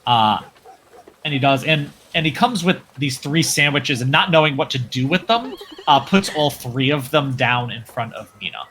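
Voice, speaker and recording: A man running a tabletop game, describing scenes in a loose, rambling way with plenty of fillers. His voice is bright and mid-pitched, and faint noise hums in the background. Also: animated, moderate pace. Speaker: game master.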